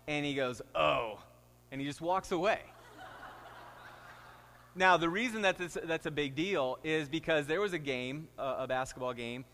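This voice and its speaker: A man's voice: on the high side, fairly bright tone, big-room sound. A middle-aged man, a pastor, preaching a sermon and telling stories with rising, emphatic delivery. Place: church sanctuary.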